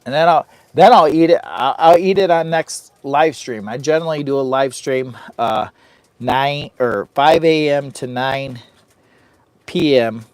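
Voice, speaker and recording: A man's voice: mid-range voice, unhurried, a little mellow, clear, resonant tone, no echo. Man, camping vlogger, hot and sweaty in a heated tent, rambling live-stream chat, dotes on his dog. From Michigan. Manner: rambling, talks to his dog in a doting baby voice. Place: inside a heated tent in the rain.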